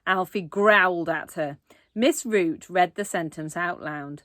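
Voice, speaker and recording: A woman's voice: fairly low pitch, measured pace, a bit bright, no echo, clean studio sound. A woman reading a children's book aloud expressively, with asides to young listeners. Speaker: reader.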